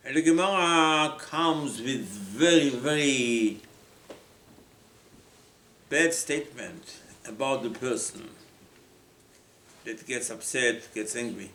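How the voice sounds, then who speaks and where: A man delivers a sermon in a roomy, echoing space. He speaks at a middle pitch, stresses his points through repetition, and slips into the voices of the people he quotes. A faint hum of ambience sits behind him. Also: slow pace, long pauses, fairly bright tone. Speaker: rabbi. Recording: echoey room with faint ambience.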